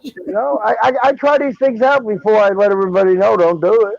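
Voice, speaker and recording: Brief: man, slightly high voice, joking and crude, dull dry lo-fi sound. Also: fairly even intonation, fairly quick, vocal fry, no echo. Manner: joking, tells crude anecdotes. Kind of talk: casual group chat. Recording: dull lo-fi audio.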